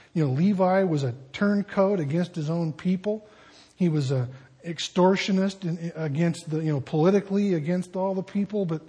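A man's voice: sits high, warm tone, slightly rough. A man preaching a sermon as pastor, conversational with joking asides.

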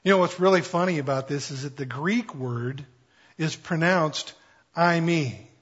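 Husky, fairly high-voiced male preacher. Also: normal speed, fairly bright tone, muffled recording. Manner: conversational, playful, acts out quotes with jokes. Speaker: pastor. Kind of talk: sermon.

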